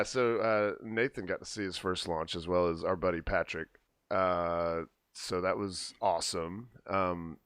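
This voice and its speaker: A man's voice: sits low, a bit bright, dry recording, studio quality. A man hosting a casual podcast chat, rambling with lots of fillers and frequent laughs. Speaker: podcast host.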